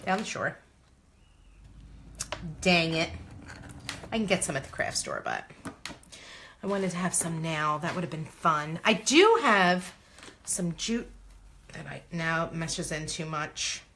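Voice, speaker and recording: Female vlogger, 30s, bright voice, excitable and chatty, hosting a crafting video. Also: low-pitched, slow, long pauses, slight background noise. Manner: bubbly, exclamatory, talks to viewers while working. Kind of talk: casual crafting tutorial chat.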